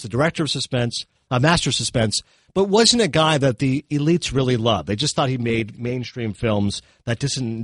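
A man's voice: mid-range voice, no room sound. Chatty man reviewing films, dry sound. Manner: chatty, animated, quick asides and self-corrections. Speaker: film reviewer on a talk show. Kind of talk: casual film review chat.

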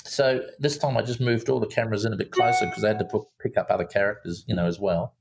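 Gravelly low-voiced man telling stories. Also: fast talker, very noisy. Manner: animated storyteller, acts out quotes in a raised voice, many fillers and restarts. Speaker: film director guest. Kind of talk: casual storytelling interview.

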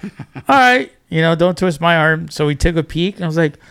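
A man's voice: a little high, flat delivery, fast, fairly bright tone, smooth. A man chatting as a podcast guest, telling fishing stories animatedly, acting out quotes and restarting often. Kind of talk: casual storytelling.

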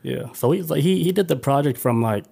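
A man's voice: on the high side, animated, fairly quick, gravelly, warm tone, husky. A man co-hosting a podcast, talking loosely and profanely with lots of filler words. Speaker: podcast co-host. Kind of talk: casual chat.

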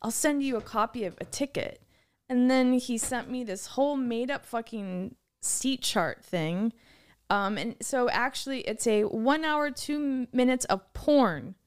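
A woman's voice: fairly high pitch, a little slow, clear, resonant tone. A young woman in casual podcast chat, telling a story with lots of laughing and reading messages aloud. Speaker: guest.

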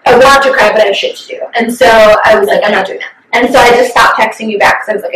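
A woman's voice: a little high, fast talker, a bit bright. A young woman in her twenties chatting casually, telling an emotional story candidly and swearing freely. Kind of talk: casual chat. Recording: roomy, distant from mic.

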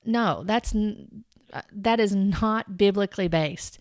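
A woman's voice: medium pitch, takes it slowly, no echo, clean studio sound. Earnest woman giving Bible commentary. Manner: earnest and corrective, cites chapter and verse; addresses viewers directly. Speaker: Christian commentator.

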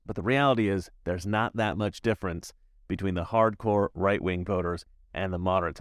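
A man giving opinionated commentary as a YouTuber, emphatic and repetitive, with animated asides. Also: lowish voice, dry recording, studio quality.

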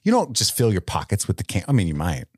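A man's voice: on the low side, wildly swooping pitch, fast talker, dry recording, clean studio sound. A man co-hosting a podcast, chatting casually about a movie, joking and laughing a lot. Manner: jokey, laughs often, slips into goofy voices. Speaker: podcast co-host. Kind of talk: casual movie review chat.

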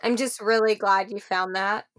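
A woman's voice: medium pitch, steady tone, moderate pace, fairly bright tone. A pregnant woman co-hosting a podcast in casual chat, chiming in with short supportive replies and laughing along. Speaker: podcast co-host.

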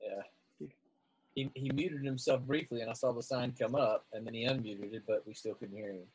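A man hosting a casual online group chat, talking in a relaxed, rambling way with many fillers, over a computer mic on a video call. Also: mid-range voice, moderate pace, breathy edge. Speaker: show host.

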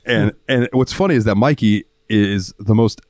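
A young man with a Southern US accent, co-hosting a podcast and telling profane, animated stories from his job. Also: fairly low pitch, moderate pace, dry recording, studio quality. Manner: profane, animated storyteller acting out customers. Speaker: podcast co-host. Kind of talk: casual chat, storytelling.

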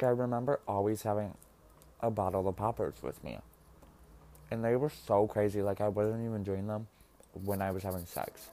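A man's voice: lowish voice, a little mellow. A young man hosting a podcast, telling personal stories in a casual monologue. He is chatty, laughs often, and fills his speech with 'like' while he eats. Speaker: podcast host. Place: indoors, eating while recording.

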